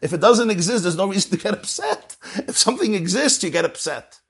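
A rabbi delivering a lively Torah lecture in a somewhat high, husky man's voice. His pitch swings widely as he moves from soft asides to emphatic declarations. The delivery is animated throughout. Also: fairly quick.

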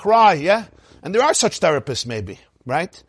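Man, Torah teacher, high voice, husky, dry close sound, rhetorical questions. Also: unhurried, dry recording. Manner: animated, rhetorical questions, laughs often. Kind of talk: lecture on Hasidic teaching.

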